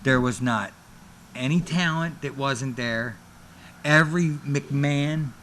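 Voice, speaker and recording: Animated, bright-voiced man telling wrestling stories. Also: mid-range voice, slow pace, a little hiss or hum. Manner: animated storyteller who acts out other people's lines. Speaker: guest, former wrestler. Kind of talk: casual storytelling interview.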